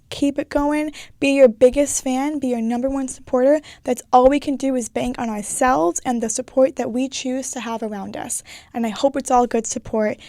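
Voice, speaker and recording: A woman's voice: on the high side, darkish tone, no echo. A young woman hosting a solo podcast, giving an emphatic motivational pep talk and swearing freely. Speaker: podcast host.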